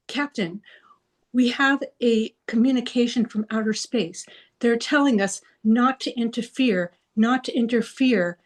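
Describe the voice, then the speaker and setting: A woman performing an improvised comedy scene, switching between crew voices with a halting delivery. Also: on the high side.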